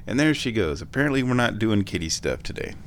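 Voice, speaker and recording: A man's voice: lowish voice, very animated, fast talker, slight background noise. A drowsy man rambling casually to his viewers at home, chuckling often, his sinuses a bit stuffed. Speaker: vlogger. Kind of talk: rambling casual chat to camera.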